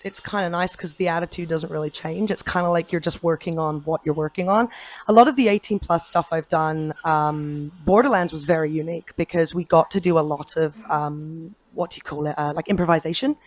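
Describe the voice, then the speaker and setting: A woman's voice: on the low side, brisk, rough recording. A woman with an English accent, a voice actor chatting in a casual convention interview, bubbly and laughing often. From England. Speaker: voice actor guest.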